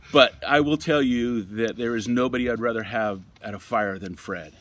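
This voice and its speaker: An older man, a retired fire captain, telling lively anecdotes in an interview and then speaking quietly and reflectively. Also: mid-range voice, normal speed. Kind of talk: interview storytelling.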